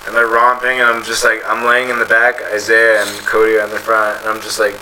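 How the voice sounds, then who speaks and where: Joking man over clear background noise. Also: lowish voice, completely flat delivery, a little fast, pushed and bright, poor audio. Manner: joking, swearing, drowsy storytelling. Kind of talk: casual chat.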